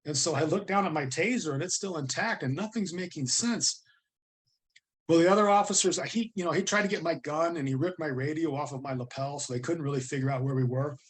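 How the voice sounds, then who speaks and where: A middle-aged man from the United States, appearing as a guest on an interview show, tells his story earnestly and vividly while imitating the voices of people he quotes. His voice is a little high and fairly quick.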